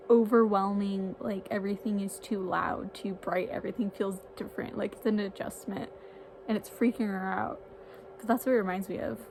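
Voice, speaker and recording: A young woman talking casually in a reading vlog, chatty and filling her talk with "like," swearing when excited. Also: mid-range voice, vocal fry, a little hiss or hum, rough recording. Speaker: book vlogger.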